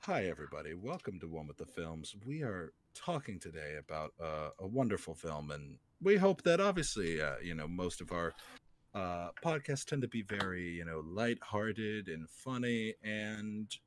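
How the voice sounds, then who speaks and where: A man's voice: low-pitched, very animated, moderate pace, a little hiss or hum. A young adult man hosting a podcast in casual chat, rambling and joking with plenty of fillers. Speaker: podcast host.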